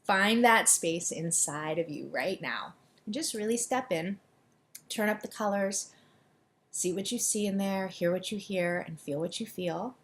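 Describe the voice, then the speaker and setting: A woman coaching listeners through an EFT tapping session, giving quick, soothing directions and leading affirmations for them to repeat. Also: medium pitch. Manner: deliberately quick delivery.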